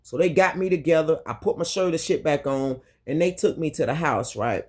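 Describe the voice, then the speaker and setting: A woman's voice: sits low, a little fast, a little mellow, breathy edge. A woman vlogger telling a personal story to her viewers, candid and emphatic, swearing freely and repeating herself for emphasis. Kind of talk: storytime monologue to camera.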